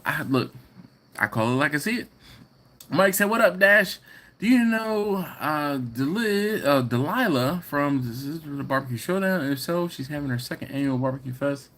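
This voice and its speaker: A man's voice: fairly high pitch, a bit bright. A man from Philadelphia hosting a casual livestream, reading viewer comments aloud and laughing often. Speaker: livestream host reading chat. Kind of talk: casual live chat.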